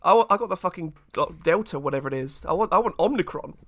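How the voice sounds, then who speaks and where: A man's voice: sits high, animated, fast, fairly bright tone. A man co-hosting a podcast in casual chat, playful and teasing, often laughing. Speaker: podcast co-host.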